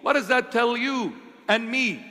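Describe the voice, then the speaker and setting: A man preaching a sermon as a bishop, impassioned and full of rhetorical questions, swinging between loud and hushed delivery. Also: very high voice, unhurried. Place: church. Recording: long church reverb.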